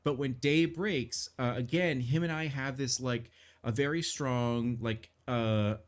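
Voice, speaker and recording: A man voicing a welcoming female carriage hostess in a tabletop game, in a casual, halting way full of fillers. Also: mid-range voice, steady tone, lightly acted.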